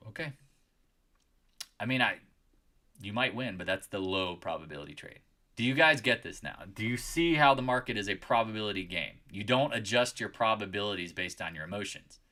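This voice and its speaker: A man hosts a live market chat and rants at his viewers in a scolding tone. His voice is bright and forceful, and he keeps raising it to drive his points home. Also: fairly low pitch, animated, normal speed. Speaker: trading channel host.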